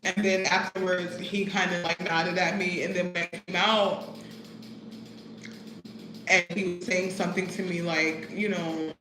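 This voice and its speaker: A woman's voice: lowish voice, flat delivery, a little slow, reverberant, background noise. A young American woman casually telling stories to the camera, chatty and full of fillers. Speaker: vlogger. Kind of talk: casual storytelling chat.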